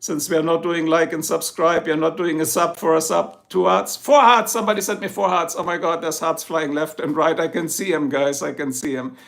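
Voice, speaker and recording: A man's voice: a little high, little pitch movement, moderate pace, gravelly, few pauses, a bit bright. A man from Germany with a German accent, casually chatting with viewers on his livestream, joking and greeting people by name. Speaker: livestream host. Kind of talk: casual live chat reading comments. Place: home in Ohio.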